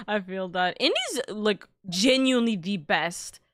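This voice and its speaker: A young woman chats on her live stream in a loose, rambling way. She uses lots of "like"s and swears casually. Her voice is mid-pitched and the sound is dry and close. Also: sing-song, slow, a bit bright, dry recording. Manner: rambling, swears freely, many "like"s. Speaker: streamer host.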